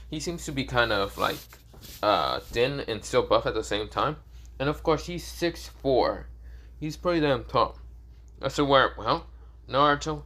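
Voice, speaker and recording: A man's voice: mid-range voice, sharp tone. A man improvising a fan-fiction anime story, rambling with lots of fillers and restarts. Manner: rambling, filler-heavy, repeats "this is where".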